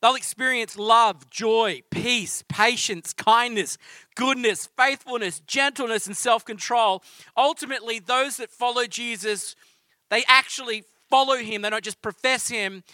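A man's voice: extremely high pitch, unhurried, sharp tone, no room sound. A man with an Australian accent preaching a sermon in a conversational, storytelling way. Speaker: pastor.

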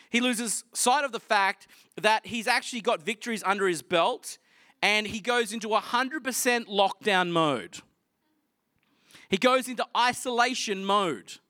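A man preaching a sermon, retelling scripture in a casual, animated storytelling way. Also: sits high, dry recording, clean studio sound.

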